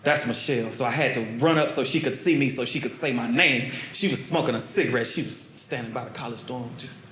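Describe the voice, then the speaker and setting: A man doing a stand-up comedy routine, telling stories animatedly, swinging from loud yelps to low mutters. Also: fast talker, slight background noise. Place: comedy club stage. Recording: roomy live stage sound with crowd. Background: laughing audience.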